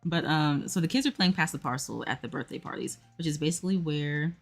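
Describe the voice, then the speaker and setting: A woman's voice: sits low, brisk, vocal fry, soft background music. A woman hosting a puzzle livestream, chatting casually and rambling with lots of fillers while she talks to her viewers. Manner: talks to chat while working a jigsaw.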